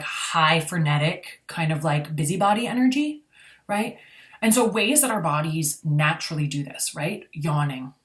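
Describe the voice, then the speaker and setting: A woman, an energy healer, giving a gentle, unhurried spiritual talk and often asking "right?". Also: low-pitched. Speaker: energy healer and channel host. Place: indoors.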